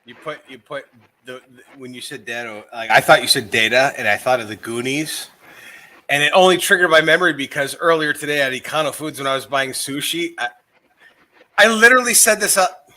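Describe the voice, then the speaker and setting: A man's voice: medium pitch, a little fast, bright, forceful tone. A man co-hosting a podcast in casual chat, rambling and profane, often laughing at himself. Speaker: podcast co-host.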